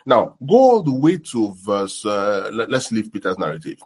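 A young man preaching a sermon, animated and repeating his words as he goes. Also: lowish voice, normal speed, husky. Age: young adult. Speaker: pastor.

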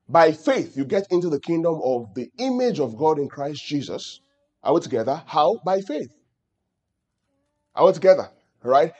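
A man's voice: on the high side, a little mellow, husky. A man preaching a teaching sermon, often asking his congregation questions. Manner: calls out questions to the audience. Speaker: pastor.

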